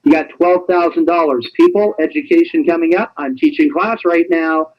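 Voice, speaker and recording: A man presenting a sales pitch on a webinar, in an animated, teasing, repetitive salesman patter. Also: normal speed, highs cut off.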